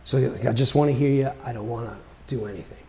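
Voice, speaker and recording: Gravelly, chatty male storyteller. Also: medium pitch, fast talker. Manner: animated, chatty, with many fillers. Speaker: guitarist telling a story. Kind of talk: casual storytelling to camera.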